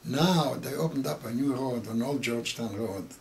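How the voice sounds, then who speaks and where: A man in his eighties with Yiddish as his first language, telling a story with halting, repeated words that grow emotional. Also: medium pitch, vocal fry, slight background noise. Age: 80s. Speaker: interviewee. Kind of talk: oral history interview.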